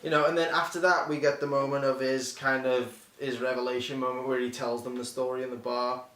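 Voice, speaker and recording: A man's voice: mid-range voice, level tone, fairly quick, a bit bright, distant mic. A man co-hosting a podcast, reviewing a film in casual, rambling chat full of swearing and restarts. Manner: rambling, profane, acts out quotes in silly voices. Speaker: podcast co-host. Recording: echoey room, slightly off-mic.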